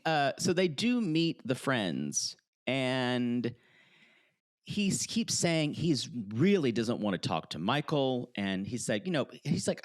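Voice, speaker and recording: A man's voice: medium pitch, slow pace, no room sound, studio quality. A man co-hosting a podcast, recapping a reality show in casual chat and acting out what people said. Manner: animated, acts out quotes in voices. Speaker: podcast co-host.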